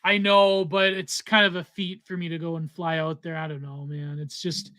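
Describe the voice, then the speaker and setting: Male podcast host from Canada, rambling and hesitant, bright tone, dry close mic. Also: fairly high pitch, little pitch movement, normal speed, no echo. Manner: rambling, filler-heavy, trailing off. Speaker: podcast host reading donations. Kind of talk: casual chat.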